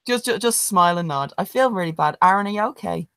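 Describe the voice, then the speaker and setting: A woman's voice: mid-range voice, expressive, quick pace, fairly bright tone, clear, resonant tone, no echo, low-quality recording. A hungover woman, co-hosting a podcast over a video call and talking bluntly with swearing and laughs. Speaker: podcast co-host. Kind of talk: casual chat.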